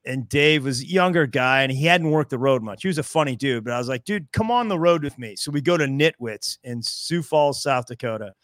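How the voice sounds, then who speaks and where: A man's voice: mid-range voice, a little fast, hardly any pauses, no echo, studio quality. A man in his fifties from the American Midwest, a comedian telling stories in casual chat and acting out the dialogue. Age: 50s. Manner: animated storyteller acting out dialogue in other voices. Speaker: guest comedian.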